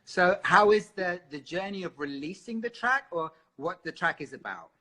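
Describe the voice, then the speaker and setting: A man from London, a singer, speaks as a guest in a candid live interview. His voice is high and bright, his pace normal, and his manner expressive; he repeats words and says "you know" a lot.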